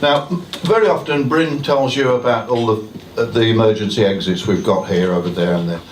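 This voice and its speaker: A man's voice: fairly low pitch, brisk. A man introducing an amateur pantomime to a live audience, chatty and self-mocking with jokey asides. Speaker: pantomime compere. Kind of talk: comic stage introduction. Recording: echoey, distant live room, noisy.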